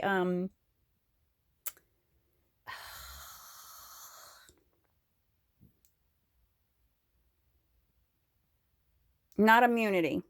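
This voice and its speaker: A woman's voice: medium pitch, a little slow, vocal fry, long pauses, dry recording, studio quality. A woman vlogging from home, rambling candidly and crudely and laughing often as she talks. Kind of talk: casual rambling monologue.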